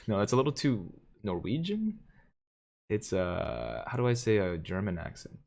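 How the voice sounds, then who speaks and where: This host's mid-range voice has a sing-song quality at a normal speed as he reads viewer comments on his live stream. He's casual and jokey, with frequent chuckles between comments.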